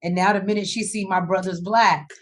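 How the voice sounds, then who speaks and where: A woman's voice: medium pitch, fairly even intonation, fairly quick. A woman co-hosting a review show, chiming in with short agreements and quips in casual chat. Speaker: TV review podcast co-host.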